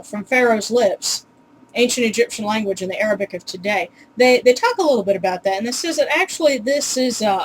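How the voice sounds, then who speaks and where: A woman's voice: medium pitch, a little hiss or hum, low-quality recording. A woman casually teaching pronunciation in a home video, chatty and full of ums, with wry, exasperated asides. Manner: chatty, with many ums and uhs.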